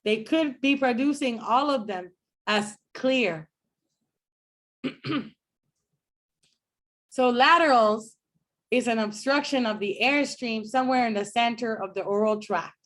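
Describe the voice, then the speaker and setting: Woman professor, slightly higher voice, slow and explanatory, classroom lecture with sounds modeled out loud. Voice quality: explanatory, demonstrates speech sounds slowly. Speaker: phonetics professor. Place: classroom with students.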